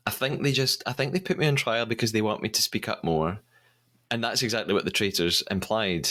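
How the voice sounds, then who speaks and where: A British man hosting a podcast, retelling a reality show episode in a lively, storytelling way with frequent laughs. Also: on the low side, brisk. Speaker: podcast host. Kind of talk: casual podcast recap.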